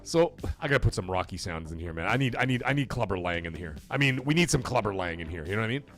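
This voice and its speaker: Swearing freely, a gaming livestream host rants in a casual, lively way, his pitch jumping sharply and his voice bursting out loudly. He speaks fast over soft background music.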